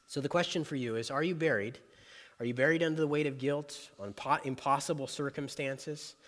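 A man preaching a sermon, talking plainly and with emphasis, then easing into a quiet prayer. His voice sits fairly high for a man. A long reverb from a large hall trails every phrase. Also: fairly quick. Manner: animated preaching that drops to soft earnest prayer. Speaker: pastor.

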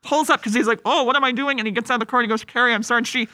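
A woman's voice: on the high side, fairly even intonation, rapid-fire, sharp tone, no room sound. A young woman co-hosting a casual podcast chat, chatty and agreeable, quoting characters as she recaps a show. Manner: chatty, quotes characters, frequent agreeing fillers.

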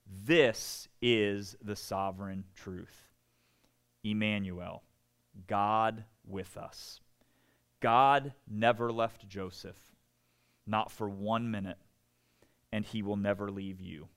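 A man preaching a sermon, speaking conversationally, asking his listeners "right?" again and again and acting out quoted voices with big swings in pitch and loudness. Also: steady tone, slow, pauses often. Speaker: pastor.

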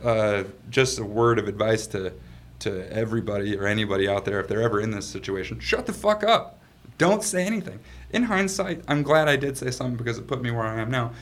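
A man being interviewed as a guest, telling a story in a casual, animated way, laughing often and swearing freely. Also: on the low side, fast. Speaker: guest, company founder.

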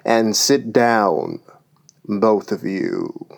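Man as a drowsy storybook lion, deep lazy drawl, words stretched out slowly. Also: huge pitch swings, gravelly, full character voice. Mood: sleepy, languid. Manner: drawling, yawning between words. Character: weary sleepy male lion, deep and slow.

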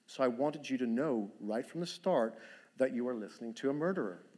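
A man voicing an elderly woman camp survivor, telling her story in a steady, solemn first person. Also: medium pitch, fairly quick, natural voice. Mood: grave.

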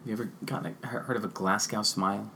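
A woman's voice: extremely low pitch, fairly even intonation, quick pace, gravelly, fairly bright tone. A woman in casual podcast chat, teasing the others wryly with frequent restarts. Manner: teasing, stammers and restarts, wry.

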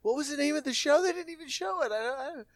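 Wry man with lively pitch, dry sound. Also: no room sound. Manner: wry, quick quips. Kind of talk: casual comedy chat.

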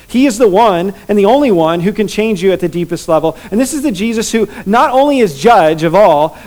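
A man preaching from the pulpit in an earnest, building sermon voice. His voice sits fairly high for a man, and he drives his points home with emphatic repetition. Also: darkish tone. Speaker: pastor.

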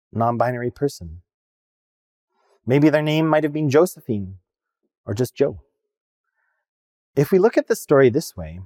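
A man's voice: medium pitch, warm tone, dry recording, studio quality. A non-binary minister with a male-sounding voice, preaching a personal sermon in an earnest, reflective storytelling way.

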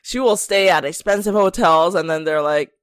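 A woman's voice: lowish voice, moderate pace, dry recording, clean studio sound. A woman co-hosting a casual podcast chat, laughing often as she retells a story and mimics people's lines. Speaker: podcast co-host.

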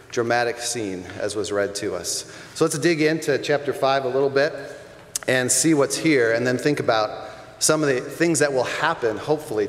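Man preaching in an echoey church. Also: mid-range voice. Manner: conversational, emphatic preaching with repeated phrases. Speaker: pastor. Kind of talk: sermon. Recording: echoey church hall with long reverb.

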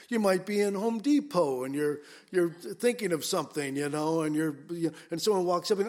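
A man with a slightly higher voice delivers an expository sermon in a relaxed, conversational way. He keeps breaking into quick acted-out scenes, swinging between lifted, excited lines and low, quiet asides. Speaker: pastor.

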